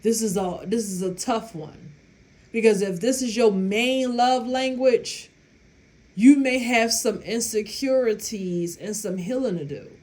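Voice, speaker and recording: A woman gives relationship advice to her viewers, talking casually and bluntly with lots of profanity, emphatic and laughing at her own story. Her voice is on the high side, a little mellow, at a measured pace.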